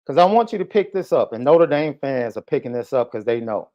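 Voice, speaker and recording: A man's voice: mid-range voice, animated, fairly quick, a little mellow. A man hosting a podcast, ranting heatedly at a viewer in a combative, taunting, repetitive way. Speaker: podcast host. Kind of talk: heated live podcast rant. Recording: muffled lo-fi stream audio.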